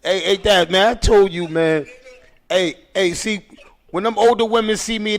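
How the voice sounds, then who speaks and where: A man's voice: high voice, steady tone, normal speed. A man hosting a casual podcast who rambles emphatically and swears freely. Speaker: podcast host. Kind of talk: casual chat.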